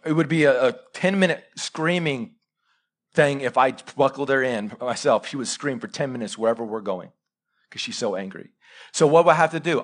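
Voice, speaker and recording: A man in his thirties preaching a live sermon, swinging between loud urgent bursts and quiet, intimate asides and asking the congregation direct questions. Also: a little high. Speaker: pastor.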